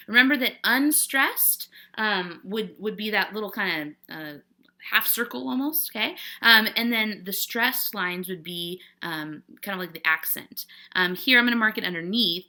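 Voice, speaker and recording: A woman's voice: mid-range voice, animated, moderate pace, sharp tone. A woman teacher walking a class through a poetry worksheet, patiently checking understanding with frequent "okay?"s. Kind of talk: classroom lesson walkthrough.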